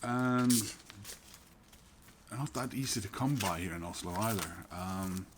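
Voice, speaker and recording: A middle-aged man chats about his record haul in a slow, unhurried voice that sits on the low side. He hesitates often, restarting phrases and filling gaps with little sounds. A faint hiss of background noise sits under the recording. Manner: hesitant, many fillers and restarts, chuckles. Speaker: record collector vlogger. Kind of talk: casual record haul chat.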